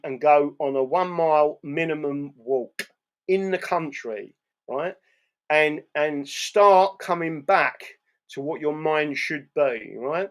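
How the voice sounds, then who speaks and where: An English man hosting a live stream, talking bluntly, swearing and tagging his lines with "right?". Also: fairly high pitch. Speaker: channel host reading live chat. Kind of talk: casual live-stream monologue.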